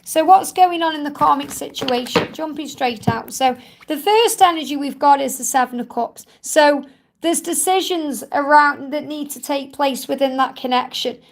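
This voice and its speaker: A woman with a fairly high voice hosts a live stream, turning cards and reading them for her viewers. She speaks in a soothing, reassuring way, often checking in with a gentle "okay?" as she explains. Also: normal speed. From England. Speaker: tarot reader hosting a live Q&A.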